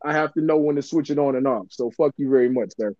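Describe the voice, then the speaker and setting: A man co-hosting a casual podcast, laughing often and swearing freely with a sarcastic, lively delivery. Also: medium pitch, fast, no echo, lo-fi sound. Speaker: podcast co-host.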